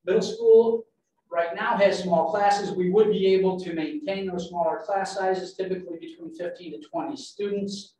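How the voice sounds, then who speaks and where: High-voiced man presenting in an echoey hall. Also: normal speed. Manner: steady, methodical, walks through points in order. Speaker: school administrator presenting to a board. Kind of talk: informational presentation at a public meeting. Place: large meeting room. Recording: very echoey meeting room from far off, faint noise.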